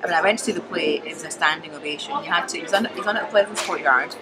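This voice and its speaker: A woman comedian with a Scottish accent, chatting in an interview and telling stories with emphatic, animated delivery. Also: low voice, racing, very noisy. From Scotland. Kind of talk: casual interview chat.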